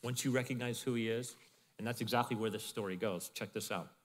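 Male pastor preaching, chatty and lively, medium voice, big echoey church hall. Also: medium pitch, brisk. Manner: conversational, animated preaching with asides. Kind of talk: sermon. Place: church in Arizona.

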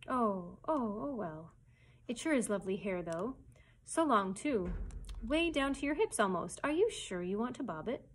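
A woman's voice: fairly high pitch, lively intonation, normal speed, slightly rough. Woman reading as a folksy beauty salon worker, homespun and chatty, storybook. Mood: admiring. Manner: folksy, reminiscing, warm small-town talk.

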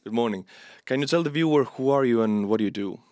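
A man's voice: medium pitch, fast, darkish tone, dry recording, studio quality. A man with an Estonian accent hosting a podcast, asking questions in a friendly, direct way with personal asides. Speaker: podcast host. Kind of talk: casual interview hosting.

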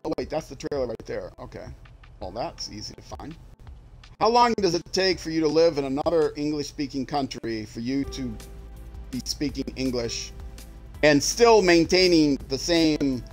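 A man talking his way through a game stream in loose, wandering chatter, often stopping to restart a thought. His voice sits a little high for a man. Soft game music plays underneath. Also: expressive, moderate pace, rough recording. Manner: rambling, musing aloud with restarts. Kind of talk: casual gameplay commentary.

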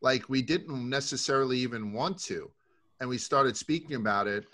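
A middle-aged man from Brooklyn sits in as a guest and talks in loose, rambling stories peppered with swearing. His pitch sits at an ordinary middle height for a man. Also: normal speed, pushed and bright. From Brooklyn, New York. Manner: rambling, profane storyteller. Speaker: podcast guest. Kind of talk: casual podcast chat.

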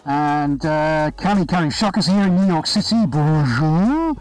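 A man's voice: fairly high pitch, moderate pace, clean tone, dry recording, faint music behind, rough recording. A man hosting a live painting stream from his studio, chatting casually and greeting viewers by name in an upbeat way. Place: art studio, indoors. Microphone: body-worn chest camera.

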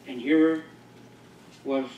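A man's voice: mid-range voice, fairly even intonation, very slow, lo-fi sound, slight background noise. A pastor preaching a sermon, pressing his points with rhetorical questions and emphatic declarations to a congregation. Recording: echoey church from far off.

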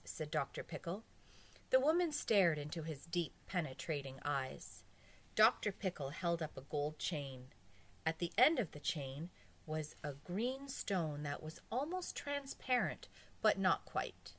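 A woman reads a children's story aloud in an expressive storybook style. She goes slowly, with a lively pitch, as an audiobook reader.

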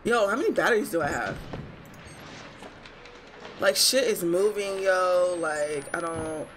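A woman's voice: lowish voice, measured pace, a little hiss or hum. A woman giving let's-play commentary, jumpy and swearing, who shrieks when she gets scared. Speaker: gamer.

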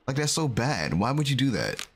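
A man casually commentating a game he is playing, animated and exclaiming as he reacts. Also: mid-range voice, normal speed, slightly rough. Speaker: gaming video host. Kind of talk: casual let's-play commentary.

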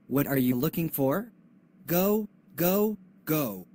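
A man's voice: on the high side, animated, slow pace, dark tone. A male student voicing a mocking schoolboy bully in a class video, with taunting, cackling delivery.

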